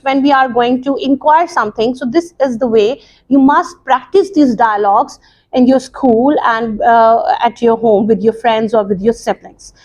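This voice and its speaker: Woman English teacher, high voice, slow, deliberate lesson delivery. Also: darkish tone. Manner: slow, deliberate explaining with many pauses and repeats. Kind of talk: recorded classroom lesson.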